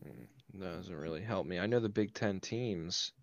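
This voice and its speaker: A man's voice: low voice, lively intonation, a little slow, vocal fry, muffled recording. A young man playing a sports quiz on a podcast, anxious and poking fun at himself. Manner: anxious, self-mocking. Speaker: podcast co-host, quiz player. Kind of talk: casual podcast banter.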